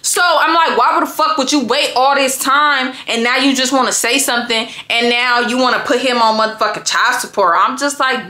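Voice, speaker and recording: A young adult woman telling a personal story in a heated, profane, animated way on her casual vlog. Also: a little high, brisk, few pauses, echoey room.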